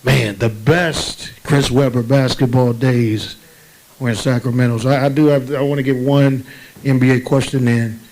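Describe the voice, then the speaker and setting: Man interviewing on stage, halting delivery. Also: medium pitch, fairly even intonation, a little mellow, poor audio. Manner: hesitant, repeats words while leading into questions. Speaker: interviewer, publisher.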